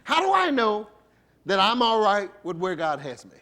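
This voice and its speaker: A man serving as bishop preaches playfully and conversationally, asking the congregation rhetorical questions and laughing between points. His high, bright voice swoops wildly in pitch with a forceful tone, at normal speed.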